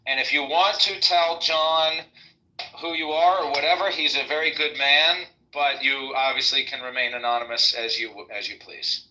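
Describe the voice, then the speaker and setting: Male host, casual and slangy, bright tone. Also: medium pitch, fairly even intonation, normal speed, lo-fi sound. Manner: loose and informal, calls people bro. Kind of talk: casual chat.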